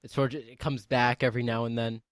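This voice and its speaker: Male podcast host, mid-pitched, dry close sound, rambling and restart-prone. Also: little pitch movement, no echo. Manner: halting, with many restarts and laughs. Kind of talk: casual podcast interview.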